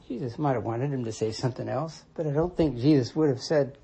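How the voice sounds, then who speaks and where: A commentator giving a reflective solo monologue, measured and deliberate, restating points for emphasis. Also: medium pitch, sing-song, warm tone, slightly rough. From United States. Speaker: Christian commentator.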